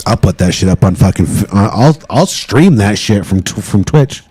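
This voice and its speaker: A man's voice: on the low side, expressive, moderate pace, dark tone, slightly rough. A man chatting casually on a live stream, joking and swearing as he rambles.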